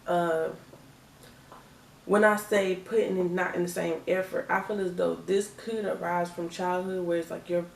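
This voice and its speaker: A woman's voice: lowish voice, fairly even intonation, normal speed, vocal fry, slight background noise. A woman giving a casual tarot reading, chatty and emphatic, repeating her phrases and laughing often. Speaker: tarot reader. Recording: echoey room, distant mic.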